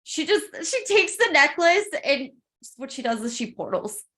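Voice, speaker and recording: A woman's voice: sits high, big pitch swings, moderate pace, a bit bright. A woman playing a tabletop role-playing game, casual, playful and joking. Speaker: player.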